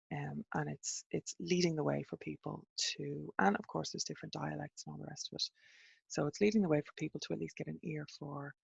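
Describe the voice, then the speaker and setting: Irish woman, gravelly husky voice, blunt chatty reader, dry muffled recording. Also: deep voice, no room sound. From Ireland. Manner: blunt, chatty, reads aloud with asides. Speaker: teacher of Irish lore. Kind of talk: casual reading and commentary.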